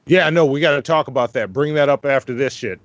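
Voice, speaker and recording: A man's voice: medium pitch, fast talker, lo-fi sound. A man hosting a podcast in loose, profane chat, fumbling as he cues up clips. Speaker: podcast host.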